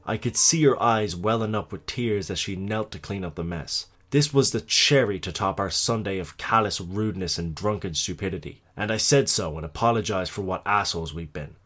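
A man's voice: deep voice, normal speed, hardly any pauses, a bit bright. A man giving a scripted horror story reading as narrator.

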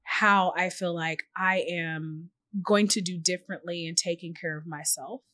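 A woman with a fairly low, fairly even voice speaks at a moderate pace, recorded cleanly in a studio with no room sound. She's a journalist and founder appearing as a podcast guest in a reflective conversational interview. Earnest and warm-hearted, she tells her stories and acts out little quoted messages along the way.

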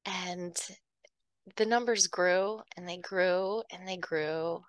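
A woman with a fairly low voice speaks slowly while hosting her own podcast, talking earnestly and emotionally to listeners and laughing often. The recording is dry and lo-fi.

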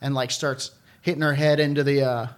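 A man's voice: mid-range voice, flat delivery, brisk, background noise. A man hosting and editing a comedy podcast, riffing agreeably and often saying sure. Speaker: podcast host and editor. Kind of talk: improvised comedy chat.

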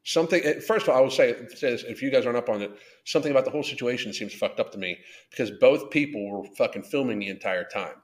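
A man's voice: mid-range voice, fast talker. A man hosting a live podcast, ranting bluntly and swearing a lot while reading out viewer comments. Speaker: podcast host. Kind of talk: live-stream rant reading chat.

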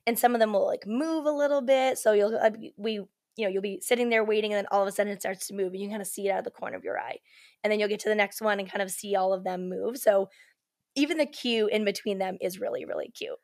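A woman telling a story as a podcast guest, in a chatty, animated way full of "like" and "you know", acting out what people said. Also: medium pitch, quick pace. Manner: animated, acts out quoted lines. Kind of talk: casual storytelling chat.

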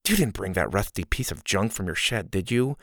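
A man voicing a skeptical schoolboy in a hushed, exasperated way. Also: deep voice, lively intonation, brisk, vocal fry, dry recording, studio quality, exaggerated voice. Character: skeptical schoolboy, dry and grumbling.

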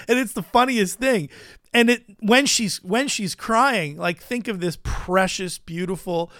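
A man hosting a casual commentary show, chatty and quick to laugh, often repeating words as he thinks. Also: high-pitched, bright, forceful tone, dry recording, clean studio sound. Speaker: host of a Christian commentary show.

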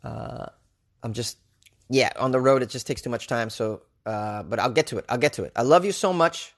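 On his solo podcast, a stand-up comedian jokes around in a relaxed, rambling way full of fillers. His voice is medium-pitched with fairly even intonation, at a normal speed.

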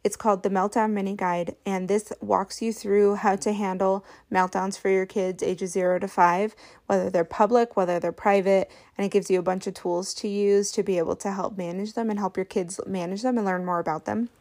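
Woman, 30s, podcast host, chatty and self-deprecating, gravelly fry on her words. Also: medium pitch, fairly even intonation, normal speed, darkish tone. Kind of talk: casual storytelling podcast.

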